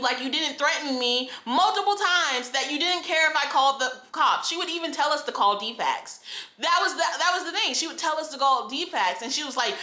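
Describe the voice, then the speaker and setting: A woman's voice: sits high, pushed and bright, roomy sound. A young woman vlogger telling a painful family story, venting with frustration, repeating herself and laughing through it, recorded on a phone at home. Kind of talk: emotional personal storytime vlog. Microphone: phone camera.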